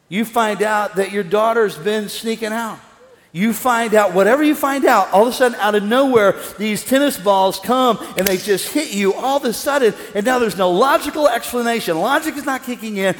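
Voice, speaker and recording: Middle-aged guy preaching a sermon, kinda high voice, big reverby church hall, gets loud then goes real quiet. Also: normal speed. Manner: animated, swinging from loud excitement to hushed calm. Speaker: pastor. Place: large church hall with an audience. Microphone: wireless stage mic.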